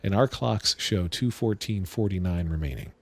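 A man joining a casual movie commentary as a guest, making deadpan puns on a close mic. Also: low voice, moderate pace, vocal fry, dry recording. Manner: deadpan punning jokes.

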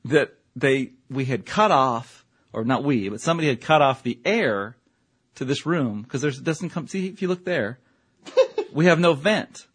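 A man's voice: mid-range voice, lively intonation, moderate pace, breathy edge, dry recording. A man co-hosting a casual podcast, teasing his partner and rambling with plenty of fillers. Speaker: podcast co-host. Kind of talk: casual chat.

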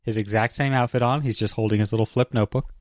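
A man's voice: lowish voice, fairly even intonation, fast talker, no echo, studio quality. A man co-hosting a podcast, chiming into a casual movie chat with wry, joking asides. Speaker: podcast co-host.

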